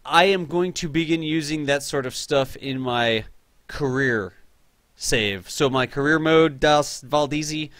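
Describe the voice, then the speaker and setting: A young man hosting a live game stream, chatting casually and excitably while reading chat aloud. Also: a little high, unhurried, no echo, studio quality.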